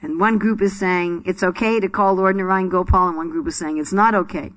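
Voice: medium pitch, steady tone, fairly quick, fairly bright tone. A spiritual teacher in a scripture class, telling stories in a chatty way, laughing often and quizzing the audience.

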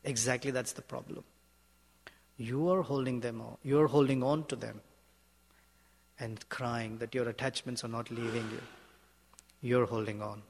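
A man's voice: mid-range voice, fairly even intonation, moderate pace, creaky, long pauses. A man as a preacher putting on an old, wise male guru who corrects his pupil firmly and plainly. His mid-range voice rings out in a hall with a long reverb.

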